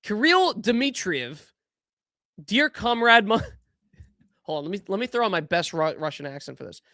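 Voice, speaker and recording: A young man hosting a podcast, giving casual political commentary in an animated, incredulous way that keeps trailing off and restarting. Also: sits high, a little slow, dry recording, studio quality. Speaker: podcast host.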